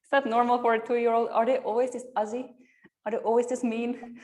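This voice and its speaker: A woman's voice: a little high, level tone, brisk, a little mellow. A woman in her thirties, a yoga teacher chatting with her online class, rambling and laughing often at herself.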